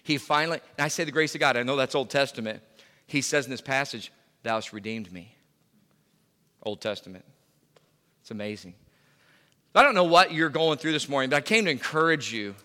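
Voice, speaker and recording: A man's voice: mid-range voice, expressive, brisk, sharp tone, big-room sound. A male pastor preaching a sermon in a conversational way, full of fillers and restarts. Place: church sanctuary.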